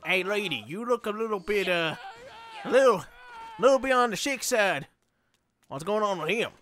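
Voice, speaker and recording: Excitable high-voiced young man gaming. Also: moderate pace, pauses often, soft background music. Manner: excitable, yelping and laughing often. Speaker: gaming channel host. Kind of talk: let's play commentary.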